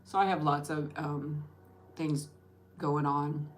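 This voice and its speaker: Speaking slowly in a low, steady voice, this woman chats with her livestream audience while eating lunch, and there's a little hiss or hum on the recording. She wanders in her talk, starts sentences over and names viewers to thank them.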